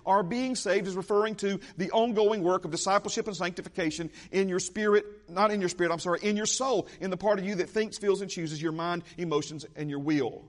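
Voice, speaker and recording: Emphatic preaching man, slightly high voice. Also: brisk, few pauses. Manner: emphatic, repeats key phrases, asides to the congregation. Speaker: pastor. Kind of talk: sermon.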